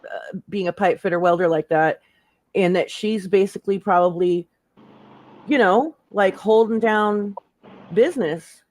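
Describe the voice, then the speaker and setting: A woman's voice: mid-range voice, unhurried, pauses often, darkish tone, no echo. A woman guest on a live stream panel, talking casually in a slangy way, full of "like" and filler. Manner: chatty, slangy, lots of "like" and "hella".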